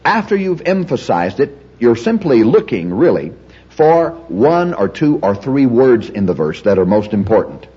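A man's voice: medium pitch, big pitch swings, moderate pace, mellow, husky. A man preaching a teaching sermon on Bible study, emphatic and repetitive, shifting the stress from word to word. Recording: dull lo-fi recording.

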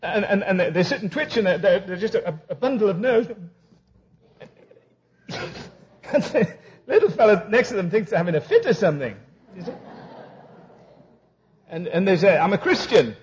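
High, lively preacher man on a dull recording. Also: normal speed, long pauses. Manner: storytelling, acting out both sides of conversations. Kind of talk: humorous sermon.

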